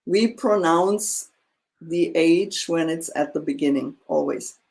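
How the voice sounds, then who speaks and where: A teacher, patiently tutoring one student, slow and full of fillers. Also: mid-range voice, creaky, a little mellow. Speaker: German teacher. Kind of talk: one-on-one language lesson.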